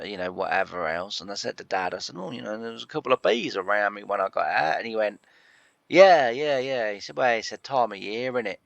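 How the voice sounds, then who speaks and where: A man's voice: fairly low pitch, gravelly, a bit bright, no room sound. A man, host of a farming game channel, chatting through a long rambling anecdote with lots of fillers and chuckles while he plays. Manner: chatty, full of fillers, laughs at his own story.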